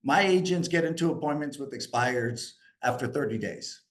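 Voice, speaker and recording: A man from New York coaching a group live, energetic and asking the group questions. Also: medium pitch, normal speed. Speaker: sales coach.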